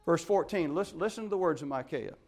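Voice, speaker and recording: A man preaching with urgent emphasis, his voice sitting somewhat high for a man. He moves between soaring, loud declarations and quiet, low asides as he works through the text. It is a pastor's sermon delivery. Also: expressive, fast talker, soft background music. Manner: emphatic preaching with wide swings in loudness.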